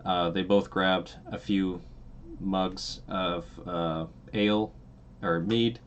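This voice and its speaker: Deep-voiced game master narrating casually. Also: male voice, slow pace, highs cut off, slight background noise. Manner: relaxed and meandering, with many fillers.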